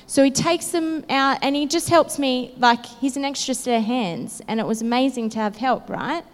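A woman's voice: sits high, normal speed, big-room sound. A woman preacher telling an earnest, emotional personal story in a sermon, with casual fillers.

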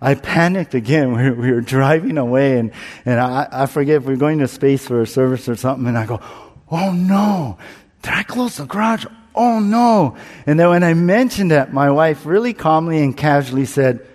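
A pastor preaches a sermon in a brisk, medium-pitched, darkish male voice, sharing a candid personal story with self-mocking humour and acting out his own panic. Long reverb makes it sound like a large hall.

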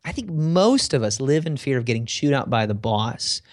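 A man's voice: mid-range voice, very animated, moderate pace, dry recording, clean studio sound. A man in a casual interview, telling work stories in a conversational way with frequent fillers. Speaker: guest.

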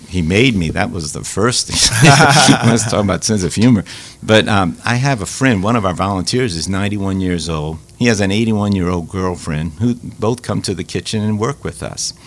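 Deep-voiced man, halting. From Louisiana. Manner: halting, repeats words, many fillers. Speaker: Catholic food ministry leader. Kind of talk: casual interview storytelling.

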